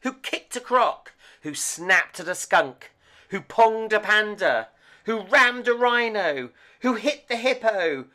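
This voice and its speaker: A man reading a children's picture book aloud with expressive, playful storytelling. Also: sits high, slow pace. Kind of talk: storybook read-aloud narration.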